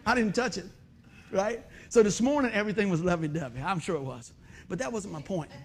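A man preaching a sermon, telling stories in a folksy, animated way and acting out the dialogue. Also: high-pitched, quick pace, vocal fry, slightly rough. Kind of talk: sermon with storytelling.

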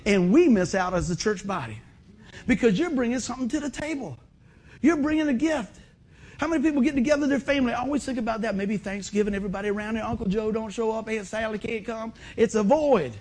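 A middle-aged man preaching a sermon in a folksy, animated way, acting out other people's voices. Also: high-pitched, quick pace. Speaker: pastor.

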